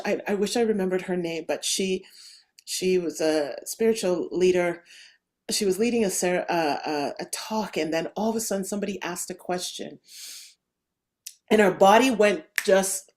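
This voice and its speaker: Enthusiastic woman podcast host. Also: mid-range voice. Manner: enthusiastic, animated, many fillers and restarts. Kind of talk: casual interview chat.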